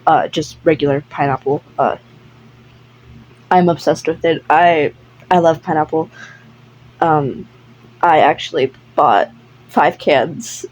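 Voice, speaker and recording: A woman voicing a laid-back teenage boy who is obsessed with pineapple, talking in an easygoing, mumbling way with a breathy voice. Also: deep voice, slow pace, pauses often, a little mellow, highs cut off, pitched below the performer's own voice. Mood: friendly.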